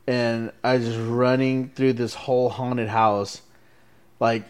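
A middle-aged man in relaxed family chat, telling a story about his kids. He laughs often and acts out his own past lines as he goes. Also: mid-range voice, takes it slowly, clear, resonant tone.

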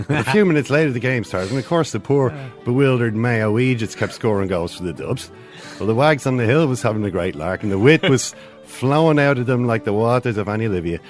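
A man's voice: mid-range voice, big pitch swings, a little fast, faint music behind. A man telling a comic story as a regular show segment, wry and yarn-spinning. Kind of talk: comic monologue.

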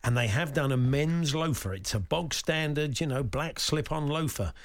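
A middle-aged man from England co-hosting a radio show, chatty and teasing, quick to laugh. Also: a little high. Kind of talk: casual radio banter.

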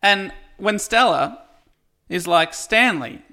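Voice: mid-range voice, animated, moderate pace, fairly bright tone. A podcast co-host recapping a play with dry, wry remarks. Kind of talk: recapping a play in casual chat.

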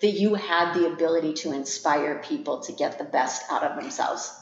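Low-voiced woman chatting on a podcast. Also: normal speed. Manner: reflective, laughing often. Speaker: podcast co-host. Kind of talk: casual chat. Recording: echoey room, dull lo-fi sound.

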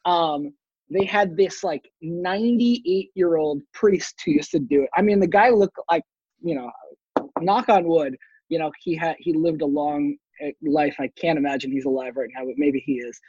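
A man's voice: fairly high pitch, moderate pace, darkish tone, breathy edge, no echo, muffled recording. A man who is a podcast guest, chatting casually and telling long stories, swearing now and then. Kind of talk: casual chat.

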